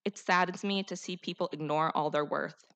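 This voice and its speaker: A woman's voice: sits low, steady tone, moderate pace, fairly bright tone. A teenage girl, the class salutatorian, giving an earnest, heartfelt and rousing graduation speech at a podium microphone. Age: teens. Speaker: student speaker, salutatorian.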